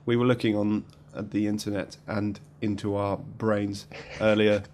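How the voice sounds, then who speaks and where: A man's voice: lowish voice, flat delivery, moderate pace, darkish tone. A man hosting a podcast in casual chat, jokey and laughing often. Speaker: podcast host.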